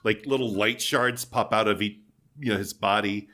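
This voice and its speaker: A man with a lowish voice chats loosely on a gaming podcast. He rambles through his points and pads them with fillers. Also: fairly even intonation, moderate pace, sharp tone. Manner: laid-back, rambling with many fillers. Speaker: podcast co-host. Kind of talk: casual gaming podcast chat.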